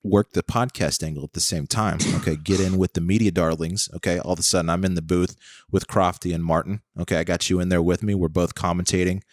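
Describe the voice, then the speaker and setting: Low-voiced American man, thirties, rambling podcast co-host, dry close sound. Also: fairly even intonation, fast talker, dry recording. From United States. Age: 30s. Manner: rambling, full of "like" and "okay", spins comic what-if scenarios. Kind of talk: casual chat.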